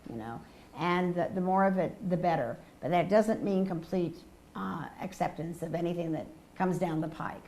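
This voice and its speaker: An older woman answering audience questions at a public lecture, measured and thoughtful, often affirming with quiet yeahs. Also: fairly low pitch. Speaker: guest lecturer.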